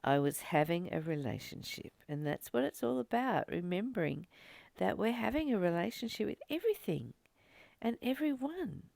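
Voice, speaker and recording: Gravelly woman teaching with animated lilt. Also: mid-range voice, dry recording, clean studio sound. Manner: animated storytelling, with laughs. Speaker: spiritual teacher. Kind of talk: reflective spiritual teaching monologue.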